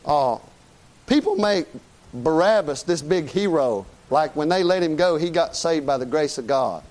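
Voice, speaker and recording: A man's voice: on the high side, lively intonation, unhurried, a little mellow, rough recording. A man preaching a sermon to a congregation in a church, emphatic and folksy, firing off rhetorical questions and calling for amen.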